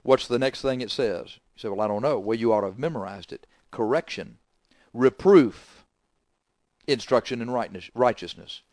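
A male preacher delivers a scolding sermon in a middle-pitched voice. He drives points home with loud bursts, then drops into quiet asides. The sound is close and dry. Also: moderate pace, no room sound.

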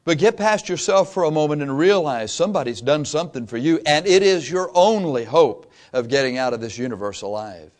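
Man, preacher, high-pitched voice, impassioned sermon, repeats phrases, loud-to-quiet swings. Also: fairly quick, few pauses. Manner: impassioned, swings between loud emphatic peaks and quiet low asides.

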